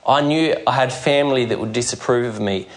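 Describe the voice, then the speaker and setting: Earnest man preaching a sermon. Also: medium pitch. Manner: earnest, measured preaching with dramatic quoted voices. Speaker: pastor.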